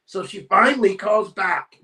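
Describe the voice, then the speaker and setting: A man's voice: sits high, unhurried, distant mic, a little hiss or hum. A man guest telling a long story casually and acting out the dialogue with energy. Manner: animated, acts out the dialogue in his story.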